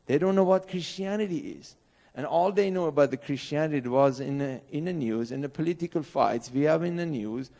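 A man's voice: medium pitch, gravelly, a little mellow. A middle-aged man from Iran with an Iranian accent, preaching a sermon as a missionary pastor in earnest, broken English. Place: church sanctuary.

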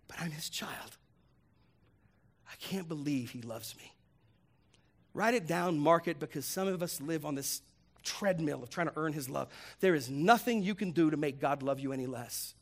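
A male pastor preaching a lively, humorous sermon, swinging between loud punchlines and hushed reflective lines. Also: fairly high pitch. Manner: animated, humorous, acts out voices.

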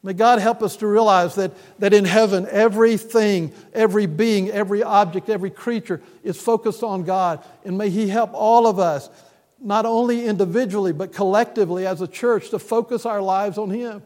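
A man delivers an earnest sermon, circling back on his points and adding light humor. His voice sits high for a man. It rings out with a long church-hall reverb. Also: steady tone, normal speed, a little mellow. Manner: earnest, repetitive emphasis, mild humor. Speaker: preacher.

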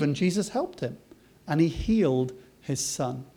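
A British man delivers a sermon in a slightly higher-pitched voice. He swings between loud, emphatic lines and soft, slow, drawn-out words. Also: animated. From Britain. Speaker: preacher.

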